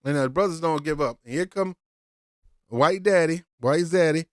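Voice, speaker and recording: A woman's voice: sits low, moderate pace, very noisy. A woman giving a slangy, mocking reaction commentary on a street video.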